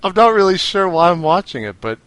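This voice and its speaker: A man's voice: sits high, big pitch swings, a little fast, noisy background. A young man hosting a podcast in easygoing, joking casual chat. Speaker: podcast host.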